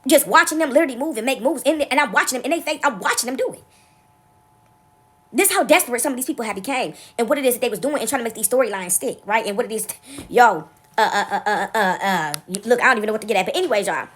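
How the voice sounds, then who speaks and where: In a rapid-fire, slightly high voice, a woman delivers a rambling, candid monologue to her viewers. It's animated venting and storytelling, punctuated again and again by "right?"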